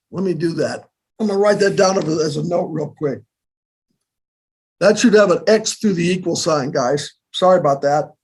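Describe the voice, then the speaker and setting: An older man with a fairly high voice teaches a business finance class in a relaxed, conversational way. He keeps checking in with his listeners, tossing in "okay?" and "right?" as he works through the numbers. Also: slightly rough. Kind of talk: casual instructional talk.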